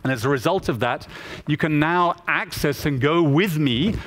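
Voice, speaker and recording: A man gives a lively storytelling talk and slips into voices for the people he quotes. His voice sits a little higher than most men's. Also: moderate pace. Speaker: photographer giving a talk.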